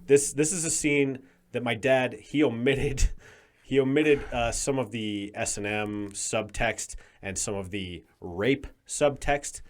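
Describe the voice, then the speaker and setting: Podcast guest: emphatic, lively male storyteller, mid-range voice. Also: mid-range voice, slow, slight background noise. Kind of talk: casual chat.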